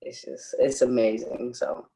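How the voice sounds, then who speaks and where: A woman's voice: extremely low pitch, fairly even intonation, a little slow, creaky, warm tone. A woman guest in a casual chat who speaks effusively and laughs often.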